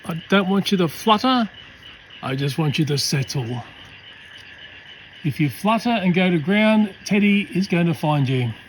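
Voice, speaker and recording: A pet owner with a fairly high male voice films his cats in a backyard garden at night, chatting fondly to them and the camera as he carries garden creatures back outside. The low-quality recording has slight background noise, with faint frogs and crickets in the night air.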